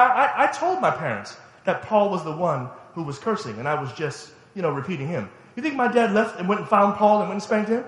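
A middle-aged pastor preaches a sermon built on storytelling, emphatically recounting family stories and laughing as he goes. His voice sits high and is a bit bright, with a reverberant sound.

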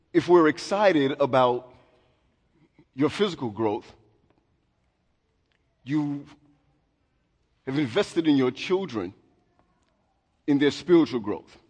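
A man's voice: on the high side, animated, slow, pauses often, darkish tone. A man in his forties preaching a sermon as a pastor, chatty and self-deprecating, with many restarts. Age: 40s. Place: church sanctuary. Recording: long hall reverb.

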